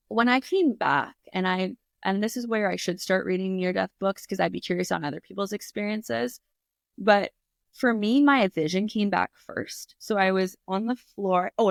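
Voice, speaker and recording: A woman's voice: medium pitch, gravelly, no echo, studio quality. A woman guest on an interview show telling a personal story candidly, swearing freely and acting out her own reactions. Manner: animated retelling with many fillers. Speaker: podcast guest, author.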